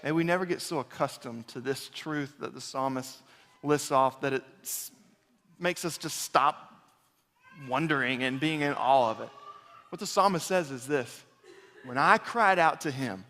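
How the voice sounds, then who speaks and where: A man preaching a sermon, earnest and building to emphatic repeated phrases before dropping quiet. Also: on the high side, moderate pace, in a large hall. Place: large church sanctuary.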